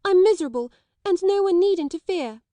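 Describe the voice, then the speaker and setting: A woman's voice: very high-pitched, expressive, takes it slowly, dark tone, no echo, voice pushed up, exaggerated voice. Ermengarde, a stammering shy girl played by a woman. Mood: miserable. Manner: stammering, breathless, repeating words. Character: shy, stammering, plump schoolgirl.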